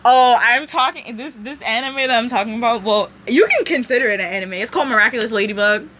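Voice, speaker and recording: A woman vlogger tells a show recap in a rambling, animated way, full of asides. Her voice is high and bright. There is a faint hiss of noise behind her. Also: quick pace.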